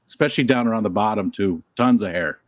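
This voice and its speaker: A man's voice: on the low side, quick pace, dry recording. A man co-hosting a casual chat, joking and acting out the lines of people in his stories. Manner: expressive, jokey, acts out quotes.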